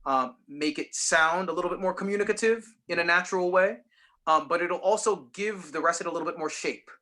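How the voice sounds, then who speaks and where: A man's voice: high-pitched, brisk, sharp tone. A man teaching a voice lesson, patiently explaining and demonstrating lines by speaking and singing them.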